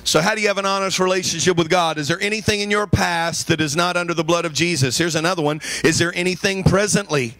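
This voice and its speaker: A man preaching a sermon as pastor, animated and humorous, acting out everyday scenes and raising his voice to make a point. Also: sits high, fast talker, hardly any pauses, no room sound. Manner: animated and humorous, acting out phone calls with raised voice.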